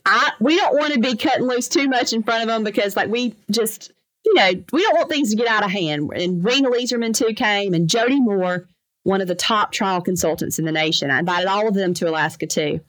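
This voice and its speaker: A woman lawyer telling lively anecdotes in a casual interview, acting out the voices of the people in her stories. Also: mid-range voice, no room sound, poor audio. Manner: animated, fast anecdotes with lively quoted voices. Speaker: trucking lawyer, podcast guest.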